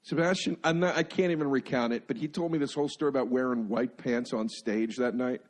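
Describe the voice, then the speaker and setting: A middle-aged man with a mid-pitched voice, co-hosting a comedy podcast. He rambles through anecdotes in a loose, profane way, tossing in "dude" and "man" all the time. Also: fairly quick. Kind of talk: casual chat.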